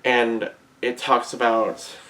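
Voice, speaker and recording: A man's voice: medium pitch, flat delivery, takes it slowly, fairly bright tone. Gushing young man reviewing manga. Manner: gushing, effusive, says "girl" and "yes, queen", laughs often. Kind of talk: enthusiastic casual vlog.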